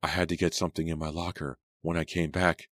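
A man's voice: very deep voice, flat delivery, fast, a bit bright, no echo. A man voicing a blunt, dismissive teenage girl in an audiobook. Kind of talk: audiobook character voice.

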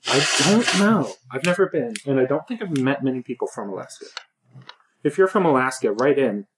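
A woman playing a tabletop role-playing game, relaxed and with hesitant fillers. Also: a bass voice, fairly quick, background noise. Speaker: player.

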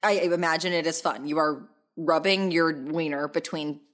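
Young woman co-host, low-ish voice, blunt and crude, playful chat with quick jumps into mock voices. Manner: crude, animated, laughs often, jumps into high put-on quotes. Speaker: podcast co-host. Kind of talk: casual comedic chat.

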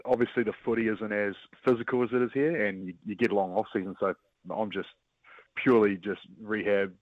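A New Zealand man in his thirties, a rugby player being interviewed by phone, talking in a relaxed, halting way with many restarts. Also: lowish voice, no echo. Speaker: guest, professional rugby player. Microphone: phone line. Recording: dull, dry phone line.

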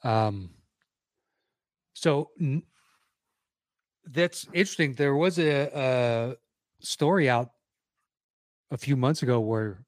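A man's voice: mid-range voice, slow pace, long pauses, dry recording. Wry man telling movie stories. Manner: wry, storytelling, swearing. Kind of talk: casual movie chat.

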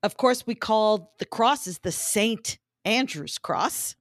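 A woman's voice: fairly high pitch, expressive, takes it slowly, no room sound. A woman co-hosting a podcast, chatting casually with dry jokes. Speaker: podcast co-host. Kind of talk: casual chat.

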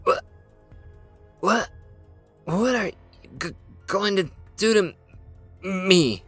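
A man's voice: high voice, lively intonation, slow pace, a bit bright, husky, no echo, faint music behind, voice pushed up, full character voice. A man voicing a terrified young female news anchor who pleads in panic. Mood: pleading.

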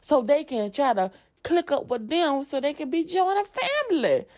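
A woman, telling a story to her viewers in a blunt, profane, animated way. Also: sits high, moderate pace. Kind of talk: casual storytime vlog.

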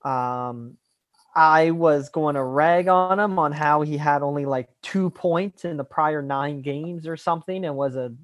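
A man's voice: on the high side, fairly even intonation, unhurried, dry recording. A man co-hosting a casual hockey podcast, wry and teasing. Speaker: podcast co-host.

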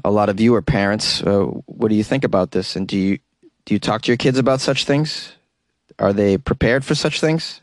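A man's voice: lowish voice, no room sound. A man hosting a call-in talk radio show, reading news stories and adding wry, sarcastic asides in a chatty manner.

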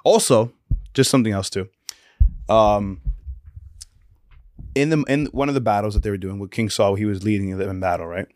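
A man's voice: fairly low pitch, moderate pace, long pauses, darkish tone, dry recording, studio quality. A young man co-hosting a casual faith podcast, telling stories in a laid-back way with lots of slang and fillers. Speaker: podcast co-host.

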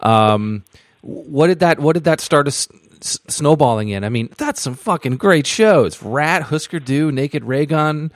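A man hosting a podcast interview, talking casually and halting through his questions. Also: on the high side, animated, no room sound, clean studio sound. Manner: halting, restarts, laughs along. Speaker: podcast host.

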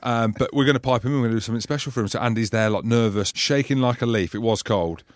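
A man spins a story in loose, chatty banter, his voice sitting at an ordinary middle pitch. He bursts into loud put-on shouts for the people in his tales. The sound is dry and close, with no room around it. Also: racing, no echo. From Scotland. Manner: animated storyteller, acts out loud voices in anecdotes. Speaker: podcast co-host.

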